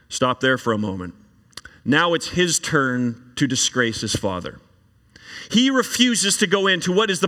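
A man preaching a sermon, reading scripture aloud and then explaining it in an animated way. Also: high-pitched. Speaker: pastor. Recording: long reverb of a large hall.

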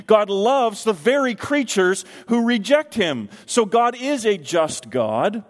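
Middle-aged pastor guy preaching, slightly high voice, slow heavy emphasis, long church echo. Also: sing-song. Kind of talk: sermon. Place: church sanctuary. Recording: long hall reverb.

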